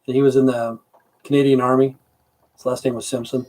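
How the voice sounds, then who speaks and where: A man's voice: medium pitch, level tone, fairly quick, a little mellow. Rambling, cussing middle-aged man. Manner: rambling and profane, answers chat, loses his train of thought. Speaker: livestreamer chatting with viewers. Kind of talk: casual live-stream chat.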